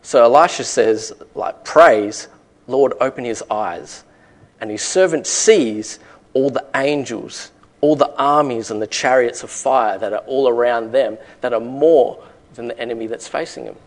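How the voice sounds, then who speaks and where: A man's voice: mid-range voice, measured pace. Emphatic male preacher. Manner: emphatic preaching with rising rhetorical questions. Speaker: pastor. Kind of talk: sermon.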